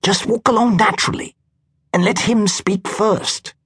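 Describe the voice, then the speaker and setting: A man's voice: high-pitched, fairly even intonation, measured pace, fairly bright tone, husky, no echo, studio quality, pitched above the performer's own voice, full character voice. A man reading the part of an alien envoy who is stiffly proper and overly formal, putting on his best posh manners. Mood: cautious.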